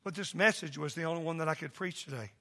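A man who is a pastor preaching a sermon in a church, impassioned and loud at first, then soft and pleading. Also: fairly high pitch, fast. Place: church sanctuary.

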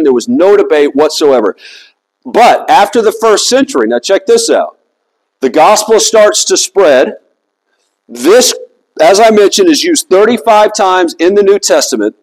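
A man's voice: a little high, very animated, unhurried, low-quality recording. A man preaching a sermon in a conversational, emphatic way, asking his listeners rhetorical questions. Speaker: pastor.

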